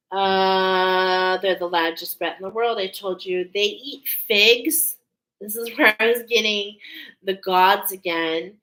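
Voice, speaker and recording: A woman's voice: medium pitch, a bit bright, low-quality recording. A woman giving a casual spiritual oracle card reading, talking in an earnest, heartfelt, meandering way. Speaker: intuitive oracle card reader.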